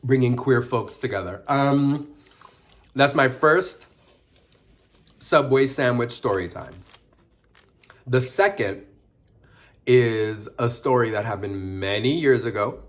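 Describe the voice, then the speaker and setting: A man casually telling personal stories to the camera in a chatty, animated way. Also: medium pitch, slow, long pauses. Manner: chatty, animated, with dramatic outbursts. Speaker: vlogger. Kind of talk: casual storytelling vlog.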